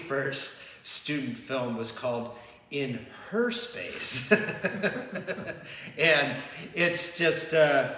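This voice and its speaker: A man's voice: medium pitch, pushed and bright. A man in casual chat over drinks, teasing his companion and laughing often. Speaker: co-host. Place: home bar. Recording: echoey room with long reverb, faint hiss.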